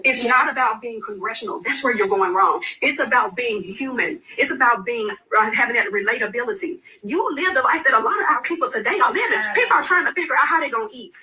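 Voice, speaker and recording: A woman's voice: on the high side, pushed and bright. A woman giving a friend impassioned, preachy advice in an emphatic way. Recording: distant mic with faint background noise.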